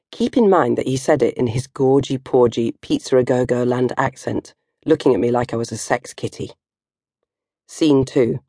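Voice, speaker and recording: An older woman reading her own comic novel in first person, animated and jumping to high squeals for effect. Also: no echo, clean studio sound.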